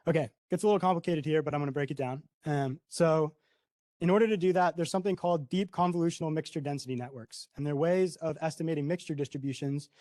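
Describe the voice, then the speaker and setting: Young man, conference presenter, casual with ums, mellow, fairly high voice, dry sound. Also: quick pace, dry recording. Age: young adult. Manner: casual, many ums and tag "right?". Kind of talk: academic talk explaining slides.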